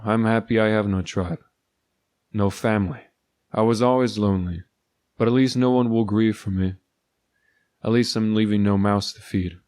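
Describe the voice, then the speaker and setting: A man's voice: lowish voice, no room sound. A man narrating a first-person story in a dry, sardonic manner.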